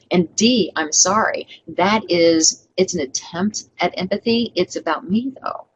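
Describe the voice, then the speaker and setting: A woman's voice: fairly low pitch, expressive, normal speed, few pauses, a bit bright, a little hiss or hum, poor audio. A middle-aged woman running an online training webinar, upbeat and coaching, who acts out sample customer lines.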